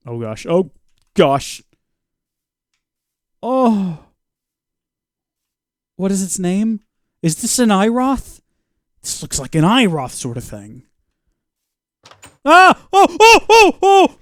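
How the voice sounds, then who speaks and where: A man's voice: medium pitch, a little mellow, no room sound, clean studio sound. A man giving chatty, joking live gameplay commentary and reading out viewer comments. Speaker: streamer.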